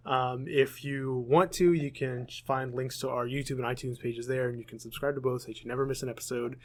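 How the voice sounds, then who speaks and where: A young American man co-hosting a podcast, chatting casually, often restarting sentences and filling pauses with ums. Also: medium pitch, steady tone. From United States. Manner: rambling, self-correcting, frequent ums. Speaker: podcast co-host. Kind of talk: casual chat.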